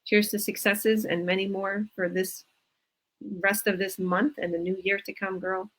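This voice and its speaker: A woman's voice: mid-range voice, little pitch movement, moderate pace, fairly bright tone, rough recording. A woman hosting a video group call, praising members with effusive, religious blessings. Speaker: host.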